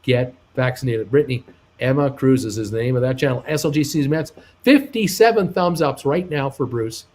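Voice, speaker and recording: A man in the middle of his vocal range hosts a live travel chat stream. He reads out viewer comments in a loose, friendly way, pausing often with "uh" and "um". He turns upbeat and pleading when he asks for thumbs ups. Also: mid-range voice, a little mellow. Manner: hesitant, many uh and um fillers. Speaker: live show host reading chat.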